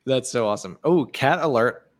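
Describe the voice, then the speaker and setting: A man's voice: mid-range voice, normal speed. A man from England chatting casually as a guest musician, joking and swearing while he tells stories. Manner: animated, swearing, jokey storytelling. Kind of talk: casual podcast chat.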